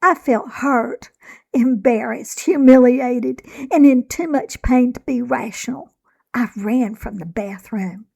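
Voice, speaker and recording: A woman reads her own memoir aloud in a measured, reflective way. Her voice sits somewhat high and she takes her time with every phrase. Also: creaky, a little mellow. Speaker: author and narrator. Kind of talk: scripted memoir narration.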